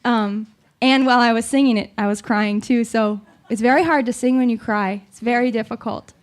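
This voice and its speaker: A woman hosting from a small live venue stage, fighting back tears as she talks. Her voice sits a little high, and she rambles, halts, and laughs her way through the emotion in casual on-stage chat. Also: steady tone, fairly quick. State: tearful, on the verge of crying. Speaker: host and singer-songwriter.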